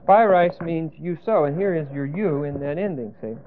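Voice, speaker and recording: A man's voice: on the high side, normal speed, slight background noise. A man teaching a Bible passage in an explanatory, emphatic way, often checking in with "okay?" and "see?". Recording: tinny phone-like lo-fi sound.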